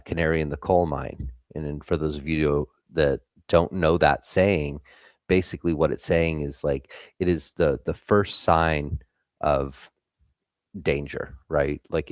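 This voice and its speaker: Young guy with a super deep voice, blunt and sweary, talking markets on stream, dry sound. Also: no room sound. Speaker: live trading stream host. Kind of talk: casual live-stream market commentary.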